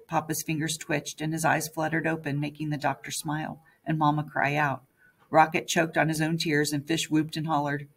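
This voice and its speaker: A woman's voice: sits low, level tone, normal speed, vocal fry, husky. A woman narrating an audiobook in the first person as a young girl.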